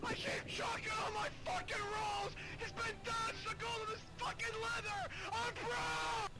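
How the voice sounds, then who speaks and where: A man in a game's voice chat, angrily yelling and swearing about prices and bad luck. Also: extremely high pitch, level tone, a little slow, vocal fry, heavy background noise. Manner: angry, yelling, profane. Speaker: player in voice chat. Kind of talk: raging in game voice chat.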